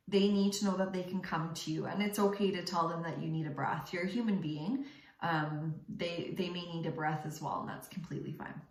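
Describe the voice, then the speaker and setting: Young woman, mother, earnest and direct advice, lower pitch, echoey room. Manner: earnest, direct, with many fillers and restarts. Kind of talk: casual talk to camera.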